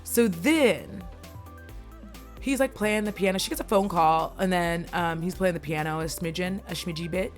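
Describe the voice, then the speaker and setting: A woman's voice: lowish voice, normal speed, soft background music. A young woman recapping a movie in a casual, rambling chat, swearing and wandering off on tangents.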